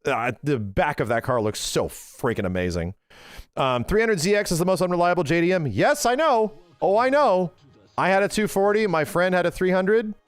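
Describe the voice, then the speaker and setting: A man in his forties chatting casually on a livestream, telling animated stories with lots of swearing. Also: high-pitched, normal speed, clear, resonant tone, no echo. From Los Angeles area. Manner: excitable, swearing, animated storytelling. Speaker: streamer.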